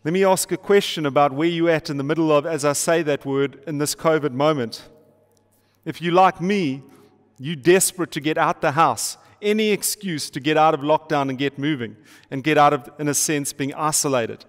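A middle-aged pastor preaches with emphatic, repeated rhetorical questions and light playful asides. His voice sits fairly high for a man. A long reverb trails each phrase, as in a large church auditorium. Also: normal speed. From South Africa. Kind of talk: sermon to an online audience.

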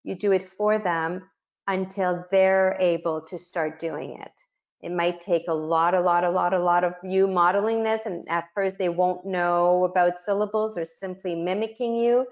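A woman facilitating a webinar for child care educators, explaining practical activities step by step and modeling words the way she would for children. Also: fairly low pitch. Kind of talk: instructional webinar talk. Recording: muffled lo-fi webinar audio.

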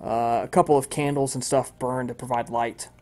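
Guy running a tabletop rpg, mid pitch, lots of ums and uhs, easygoing. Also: normal speed. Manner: relaxed, with frequent ums and uhs. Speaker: game master. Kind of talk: narrating a tabletop role-playing game.

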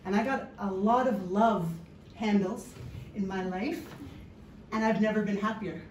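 A woman's voice: mid-range voice, measured pace, a little mellow, a little hiss or hum. A woman giving a humorous stage talk, telling a playful story and joking with the audience. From Canada. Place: stage before a live audience. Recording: echoey hall, voice from far off.

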